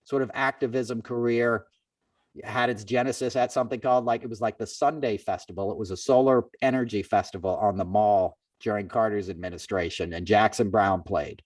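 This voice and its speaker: Animated man telling a story. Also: fairly low pitch, fairly quick, few pauses, dry recording, recorded from a distance. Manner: animated, acts out quoted people in a raised voice. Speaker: podcast host. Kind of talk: casual storytelling chat.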